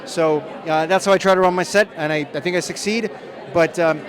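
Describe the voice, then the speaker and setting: Man with a high voice over crowd chatter. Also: fairly even intonation, fairly quick. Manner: chatty, self-deprecating anecdotes. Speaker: film director. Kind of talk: press junket interview. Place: outdoors at a busy premiere. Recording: crowd noise behind.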